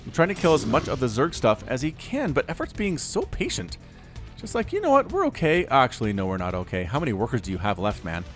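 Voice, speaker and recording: Animated male game caster. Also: mid-range voice, faint music behind. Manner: animated, quick bursts of excitement and asides. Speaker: StarCraft caster. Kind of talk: excited game commentary.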